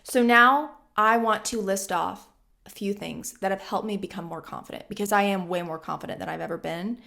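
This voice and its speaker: A woman in her twenties talks straight to her viewers about self-help in a casual, blunt way. She leans on emphatic repetition to drive each point home, in a voice of middling pitch. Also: brisk, creaky, pushed and bright. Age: 20s. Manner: emphatic and blunt, repeats lines for stress. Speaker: vlogger.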